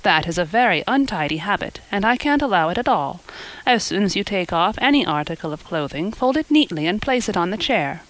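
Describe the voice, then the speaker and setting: A woman's voice: mid-range voice, expressive, a little fast, a bit bright, close to an everyday voice, poor audio. A woman voicing a strict, stiff older woman who admonishes a child, read in an audiobook. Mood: admonishing. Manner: stern, admonishing.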